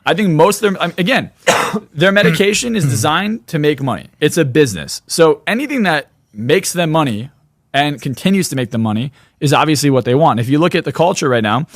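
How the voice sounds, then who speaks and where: A man's voice: fairly high pitch, lively intonation, brisk, no echo, clean studio sound. A man speaking as a podcast guest in a blunt, emphatic, opinionated way. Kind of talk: podcast interview.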